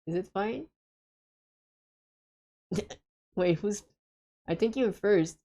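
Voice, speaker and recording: Woman, gaming streamer, casual chatter, giggly, hesitant, unhurried delivery, gravelly fry. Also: mid-range voice, animated, mellow. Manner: giggly, hesitant, many fillers and laughs. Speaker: streamer playing a co-op game with friends.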